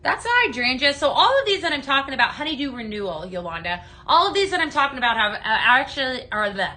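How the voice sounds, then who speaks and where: A woman hosting a casual live product demo for her company, chatting and answering viewer comments in a halting way, with many fillers and restarts. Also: high voice, very animated, pushed and bright. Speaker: company staff host of a live sales stream.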